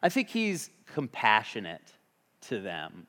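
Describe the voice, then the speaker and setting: A man delivers a Sunday sermon in an easy, conversational way and often turns to the congregation with questions. His voice sits at a middle pitch but swings up and down with lively expression. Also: unhurried. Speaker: pastor.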